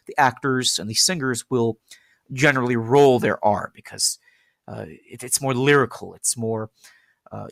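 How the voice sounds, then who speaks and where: A man's voice: mid-range voice, fairly bright tone, no room sound, studio quality. A young man giving an earnest lesson presentation on pronunciation, with frequent fillers and restarts. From United States. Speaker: language teacher. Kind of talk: explanatory presentation.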